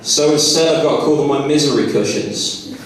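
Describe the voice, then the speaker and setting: Young male stand-up, roomy club echo. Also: on the high side. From Somerset, England. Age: young adult. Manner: self-deprecating, chatty, quick asides. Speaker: stand-up comedian. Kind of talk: stand-up with crowd work. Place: small comedy club stage. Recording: echoey venue, mic heard from a distance.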